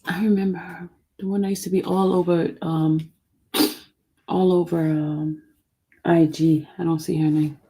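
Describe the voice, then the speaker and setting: A woman's voice: fairly low pitch, flat delivery, a little slow, long pauses, dark tone, husky. A woman hosting a live stream, reading a court document aloud in an informal, chatty way and stumbling over legal words. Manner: chatty and informal between read passages. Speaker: channel host.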